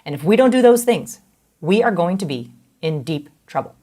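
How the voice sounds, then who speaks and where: A solemn male statesman speaks slowly and lets each sentence fall heavily at its end. A woman with a fairly low voice does the impression, loosely and for fun. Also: expressive, mellow. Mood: authoritative. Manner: slow, words pushed down at sentence ends. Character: famous male politician, slow authoritative downward speech.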